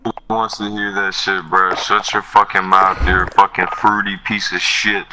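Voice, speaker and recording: A man's voice: sits low, level tone, moderate pace, background noise. A man trash-talking and cursing angrily over game voice chat. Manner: hostile, profane, insulting. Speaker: opposing player. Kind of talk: angry voice-chat trash talk.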